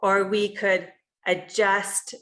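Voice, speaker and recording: A woman's voice: medium pitch, level tone, slow pace, a bit bright. A woman health coach giving a casual coaching talk over a video call, speaking conversationally and often checking in with "you know" and "right?".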